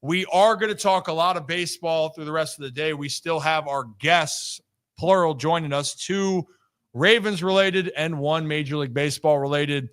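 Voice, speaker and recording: Bright-voiced energetic sports talk host. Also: male voice, fairly high pitch, normal speed, clear, resonant tone. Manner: energetic, animated, teasing. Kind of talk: casual sports talk show.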